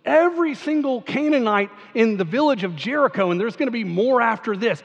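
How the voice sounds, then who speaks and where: High-voiced pastor preaching in a reverberant hall. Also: male voice, lively intonation, a little fast, highs cut off. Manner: reads scripture then explains it conversationally, with rhetorical questions. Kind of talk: sermon.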